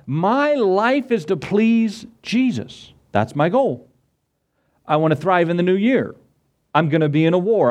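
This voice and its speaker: A man's voice: on the high side, a little mellow. Man preaching with rhetorical questions. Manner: preaching with rhetorical questions and drawn-out scripture readings. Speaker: pastor. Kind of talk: sermon.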